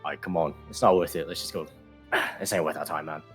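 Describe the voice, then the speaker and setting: A man voicing a gruff male guard who mutters and shrugs off the job. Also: very deep voice, fairly even intonation, fast talker, soft background music, voice pushed down. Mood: dismissive.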